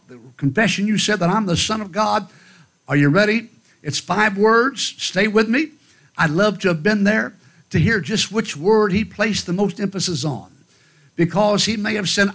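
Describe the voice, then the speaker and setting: Fiery high-voiced male preacher. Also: brisk, a bit bright. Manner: fiery, emphatic, rhythmic repetition. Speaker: guest preacher. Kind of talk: revival sermon. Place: church conference hall.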